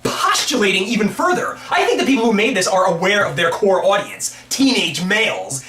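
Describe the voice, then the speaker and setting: Woman ranting about a cartoon, sarcastic, bright sharp voice, swings all over. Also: fairly high pitch, slightly rough. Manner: sarcastic, ranting with mock outrage. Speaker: cartoon reviewer. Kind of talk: comedic review commentary.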